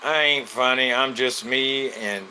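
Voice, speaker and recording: A man's voice: mid-range voice, measured pace, pushed and bright, a little hiss or hum. A man, from Florida, hosting a casual live stream, greeting viewers by name in a loose, joking way.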